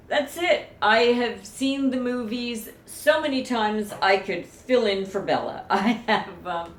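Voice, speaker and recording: A woman's voice: mid-range voice, roomy sound, a little hiss or hum. A woman vlogger telling a personal story to camera in a heartfelt, emotional way.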